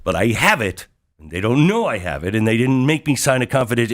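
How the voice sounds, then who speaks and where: A talk show host telling a story in an excited, emphatic way, with rhetorical questions to the audience. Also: male voice, medium pitch, quick pace. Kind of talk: monologue recounting a visit.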